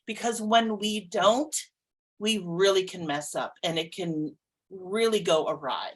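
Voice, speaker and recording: A woman psychic co-hosting a podcast in casual chat, expressive, laughing often and swearing lightly. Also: mid-range voice, measured pace, poor audio.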